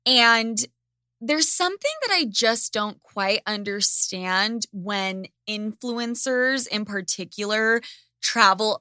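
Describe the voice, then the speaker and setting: Brief: woman podcast host, sarcastic rant, bright voice, dry close sound, high-ish pitch. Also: no room sound. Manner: animated, sarcastic, swears freely. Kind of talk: casual chat.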